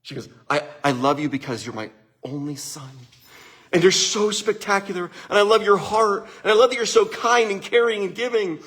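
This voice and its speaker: A middle-aged man hosting a casual motivational talk, an animated storyteller who acts out family conversations. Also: sits high, moderate pace. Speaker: host.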